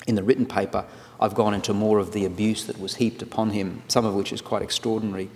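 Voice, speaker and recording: A man in his forties giving a formal, scholarly lecture on legal history, measured and read from a paper. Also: on the low side, flat delivery, darkish tone. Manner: measured, scholarly delivery with occasional restarts. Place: large lecture hall. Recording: long reverb of a lecture hall.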